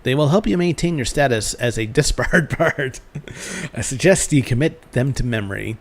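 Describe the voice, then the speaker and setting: A man's voice: mid-range voice, lively intonation, moderate pace. A man voicing a stern older male rogue-class master with a put-on German accent, formal and lecturing.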